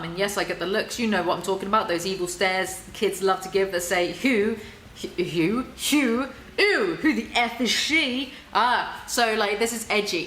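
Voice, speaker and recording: Sarcastic woman with a bright, echoey voice. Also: mid-range voice, slight background noise. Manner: sarcastic, wry, mocking asides. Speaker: ASMR book commentary host. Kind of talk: soft-spoken ASMR commentary, reading aloud.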